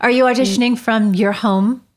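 A woman's voice: on the high side, steady tone, moderate pace, darkish tone. Enthusiastic woman co-hosting. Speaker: co-host. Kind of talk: casual chat.

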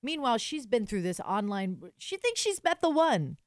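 A woman's voice: a little high, moderate pace, dry recording. Woman co-host, casual storyteller, swears freely, close dry mic. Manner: animated storyteller, acts out quoted voices, swears freely.

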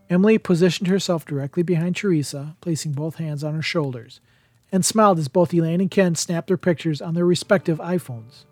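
A man's voice: a little high, brisk, no echo. Man narrating a story over faint guitar. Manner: steady, even storytelling. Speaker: podcast reader. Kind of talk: audiobook narration.

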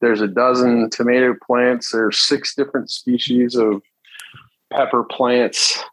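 A man's voice: medium pitch, flat delivery, measured pace, a bit bright, no echo, rough recording. A man speaking as a guest on a casual podcast from his home study, easygoing and rambling, chuckling often.

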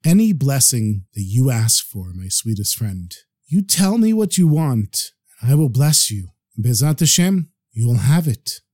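A storyteller lending his voice to a kindly old holy man who gives blessings softly and with calm trust. The voice is warm and low-lit, heard up close with no room around it, like a storybook figure. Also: unhurried, slightly rough, dry recording. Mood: gentle. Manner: tender, blessing-giving, serene.

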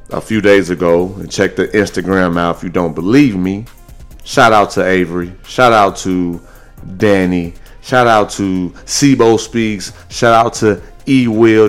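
A man hosting a casual podcast. His voice sits very low, and he swings up into high, animated tones as he tells a funny story. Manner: animated storytelling, jumps high when joking. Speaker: podcast host.

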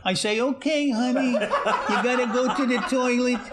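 A man's voice: very high-pitched, fairly even intonation, normal speed. An actor playing a crude, boisterous old man who laughs and curses through a story in a TV drama. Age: older. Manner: loud, laughing, cursing, mimics a whiny child. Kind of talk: TV drama monologue.

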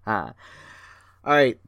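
A man hosting a solo podcast as a performance coach, excitable and rambling, talking in a self-aware way. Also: medium pitch, very slow, no echo, clean studio sound.

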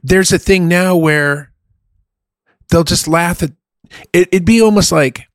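A man's voice: sits high, unhurried, no room sound. A man co-hosting a podcast, chatting casually and bluntly, swearing often as he rants. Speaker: podcast co-host. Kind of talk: casual profane chat.

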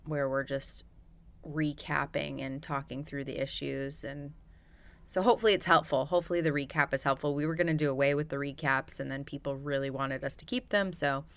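A woman's voice: deep voice, steady tone, fairly quick. A woman hosting a recovery podcast in casual, playful chat, laughing often. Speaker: podcast host.

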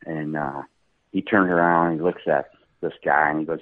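A middle-aged man, a golf pro guest, telling casual stories with a relaxed, laughing manner. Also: extremely low pitch, fast talker. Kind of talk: casual storytelling. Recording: tinny phone-like line.

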